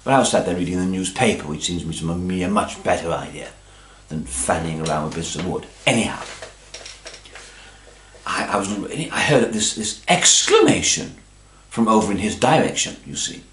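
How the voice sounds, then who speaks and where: A man's voice: low voice, lively intonation, moderate pace, fairly bright tone, echoey room, a little hiss or hum. A man telling a long-winded, pompous comic story, forever adding little asides. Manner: long-winded, pompous, constantly adding "you see" and "you know". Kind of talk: rambling comic monologue.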